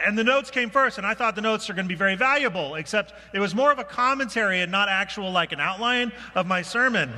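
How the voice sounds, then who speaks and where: A man preaching a sermon as pastor, talking in a relaxed, self-deprecating, conversational way with restarts. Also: sits high. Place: church sanctuary. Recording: reverberant church sanctuary.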